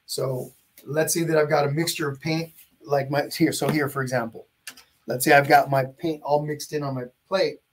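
A man teaching a live painting lesson step by step, chatting warmly with viewers and greeting them by name. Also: on the high side, little pitch movement, moderate pace, slight background noise. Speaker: painting instructor.

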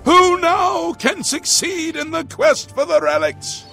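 A man's voice: extremely high pitch, wildly swooping pitch, slow pace, vocal fry, pushed and bright, full character voice. An actor playing a solemn male prophet in a video game, declaiming warnings of an ancient sorcerer's return, with faint music behind. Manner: grave, declaiming, prophetic, chants ancient words. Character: grim old male prophet of doom, solemn.

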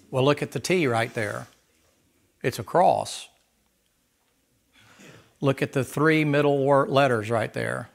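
A man preaching a sermon in a folksy, animated way, acting out little dialogues. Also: medium pitch, a little slow, creaky, pauses often.

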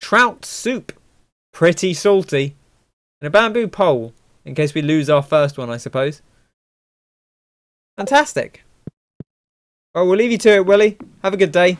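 A man's voice: high voice, animated, normal speed. A young man casually commenting on a video game as host, chatty with wry asides. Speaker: let's play host.

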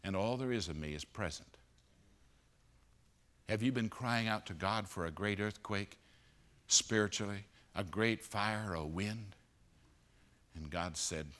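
A man preaching a sermon at a conference, moving between loud emphatic peaks and hushed low passages. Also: unhurried, long pauses. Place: conference auditorium.

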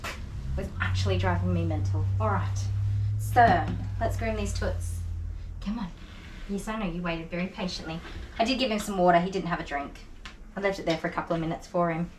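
A woman dog groomer, talking softly and chattily to a dog as she works, with asides to viewers. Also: lowish voice, fairly quick, a little hiss or hum. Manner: soothing, repetitive praise, chatty. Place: grooming salon. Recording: echoey room. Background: electric clippers buzzing.

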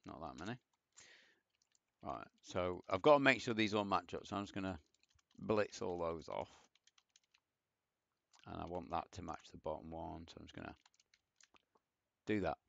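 Low, gravelly man talking through code. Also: fairly bright tone, no echo. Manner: rambling, self-deprecating, thinks aloud while typing. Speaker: programming teacher. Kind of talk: casual coding tutorial with screen share. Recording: dull, lo-fi dry mic.

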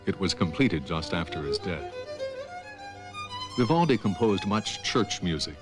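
Deep-voiced male documentary narrator. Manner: calm, measured storytelling. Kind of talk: scripted narration. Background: music.

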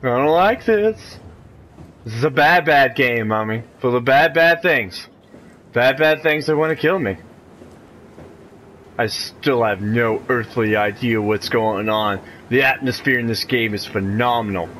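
A man's voice: medium pitch, expressive, a little slow, a bit bright, a little hiss or hum. Jumpy, swearing man playing a horror game. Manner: jumpy, swears a lot, talks to himself; nervous rambling. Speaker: video game player. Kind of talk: horror game let's-play commentary.

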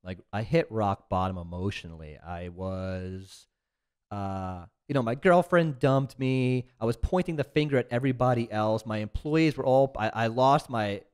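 A man's voice: fairly low pitch, normal speed, darkish tone, clear, resonant tone. A man speaking as a guest in a casual interview, talking earnestly and reflectively about his own life. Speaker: podcast guest, business owner.

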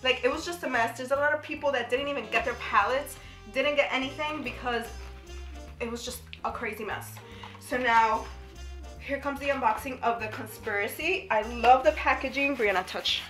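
A sick, out-of-breath woman chatting excitedly in a beauty vlog, coughing and sighing. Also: high voice, normal speed. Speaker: beauty vlogger. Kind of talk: casual vlog chat. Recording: echoey room with background music.

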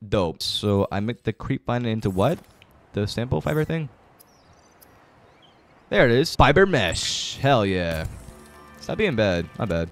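A young man streaming gameplay, talking tiredly to himself, then shouting with excitement, with game music behind him. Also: on the low side, unhurried, clear, resonant tone, dry recording. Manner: excitable, swings between mumbling and shouting. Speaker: gaming streamer. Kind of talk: live-streamed gameplay commentary.

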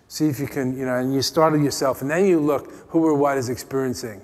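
American guy leading a retreat talk, jokey then hushed, echoey hall. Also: medium pitch, fairly even intonation, quick pace. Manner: playful, teasing, drops to soft quiet tones. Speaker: meditation teacher. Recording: long hall reverb.

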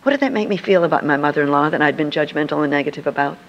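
A woman's voice: low voice, rapid-fire, highs cut off. An older woman, a Christian speaker, telling a personal story to an audience in an earnest, emphatic way.

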